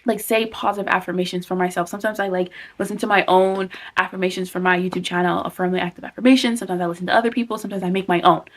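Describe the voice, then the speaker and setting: Young adult woman, self-help vlogger. Earnest, candid, animated delivery. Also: on the low side, rapid-fire, hardly any pauses. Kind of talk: casual self-help talk to camera.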